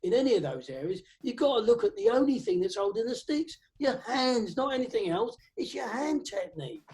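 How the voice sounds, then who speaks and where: In a lockdown video call interview, a guest drummer delivers blunt, emphatic tips and sings drum patterns aloud. He speaks briskly in a very high, sing-song voice that is a little mellow.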